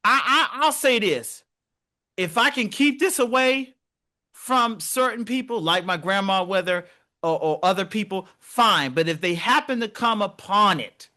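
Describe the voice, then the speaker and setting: A young man co-hosts a podcast in loose, animated conversation, acting out the people he quotes. His voice sits high and rings bright. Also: unhurried. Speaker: podcast co-host. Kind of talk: casual conversation.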